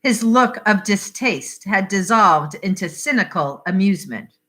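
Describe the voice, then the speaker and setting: Brief: woman storyteller, slow and lively in pitch, bright tone. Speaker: reader. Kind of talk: reading a short story aloud.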